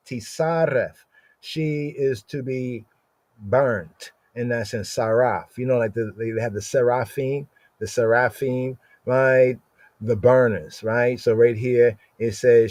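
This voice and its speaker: A man teaching scripture in a medium-pitched voice, recorded dry and close with no room sound. He reads Hebrew slowly, then breaks each word down, checking "right?" after nearly every phrase. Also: a little mellow, dry recording. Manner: explains Hebrew words aloud, repeats "right?" constantly; slows down to read Hebrew verses. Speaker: Bible teacher.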